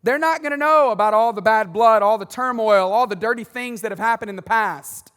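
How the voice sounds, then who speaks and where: A man preaching a sermon as pastor, conversational and animated, with joking asides. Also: high-pitched, a little fast, long reverb tail. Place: large church auditorium.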